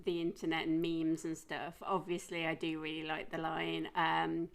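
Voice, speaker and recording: A woman's voice: deep voice, completely flat delivery, normal speed, gravelly, slight background noise. A woman joining a casual film podcast, talking chattily and giggling often. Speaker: podcast guest.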